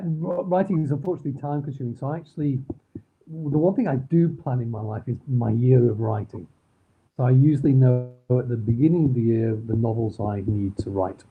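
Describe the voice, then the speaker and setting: Middle-aged Manchester man, interview guest, husky and rambling, tinny video-call line. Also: mid-range voice. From Manchester, England. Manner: rambling, many ums and restarts. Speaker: crime novelist guest. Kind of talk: casual interview chat.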